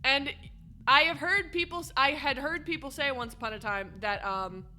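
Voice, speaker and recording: A chatty woman streaming a game, with a high, bright voice and frequent laughter. Faint game music sits under her casual commentary. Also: moderate pace.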